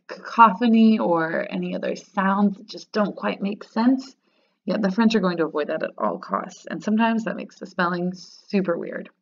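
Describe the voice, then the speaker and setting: A woman teaching a grammar lesson in a lower-pitched voice. She stays upbeat and patient, slowing down to repeat words. The recording sounds dull and lo-fi. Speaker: French teacher.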